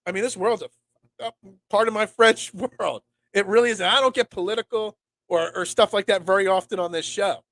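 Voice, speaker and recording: A man's voice: high voice, normal speed, fairly bright tone. A man in his forties from Pennsylvania, hosting a casual sports talk show. He is feeling sick, rambles, and stammers through many restarts. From Pennsylvania, USA. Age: 40s. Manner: rambling, stammers and restarts, reads and answers chat. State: sick, congested.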